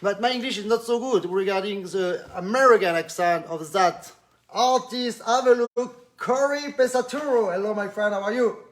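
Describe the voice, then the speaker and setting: High-voiced man hosting. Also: moderate pace. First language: French. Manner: chatty, greets viewers by name. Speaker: host. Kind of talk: live-stream interview.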